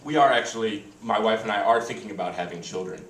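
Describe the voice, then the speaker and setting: A man's voice: lowish voice, fast, heavy background noise. A young man doing a stand-up routine in a small comedy club, conversational and rambling, full of "like" and "you know". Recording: roomy club sound, voice a bit far from the mic, audience laughter. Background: audience laughter.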